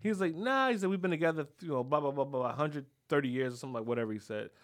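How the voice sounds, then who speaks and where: A man's voice: mid-range voice, racing. A man hosting a podcast, telling a profane story in a casual way and acting out the people in it. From Philadelphia. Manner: profane, animated, acts out the people in his story. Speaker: podcast host.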